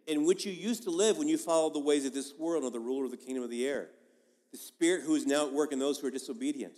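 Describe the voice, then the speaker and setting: A man as a pastor giving a sermon in a church, preaching in a conversational but emphatic way and swinging between loud and soft. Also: on the high side. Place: church sanctuary. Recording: long reverb of a large hall.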